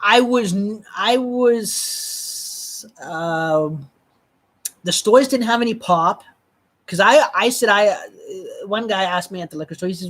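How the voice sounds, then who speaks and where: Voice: mid-range voice, a bit bright. Rambling, profane live streamer. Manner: rambling, halting, blunt and profane. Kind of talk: casual live-stream storytelling.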